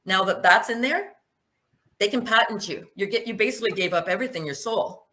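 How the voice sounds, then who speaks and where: A woman's voice: mid-range voice, expressive, a little fast, bright, forceful tone. A woman giving a spoken presentation, emphatic and full of rhetorical questions.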